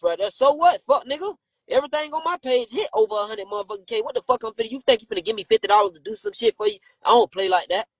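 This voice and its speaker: A high-voiced man ranting on a live stream, brash and heavy on profanity as he hits back at critics. He talks into a phone in a dry, close space. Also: no echo, low-quality recording. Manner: brash, profane, confrontational, repeats insults at critics. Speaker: rapper and comedian on a live stream.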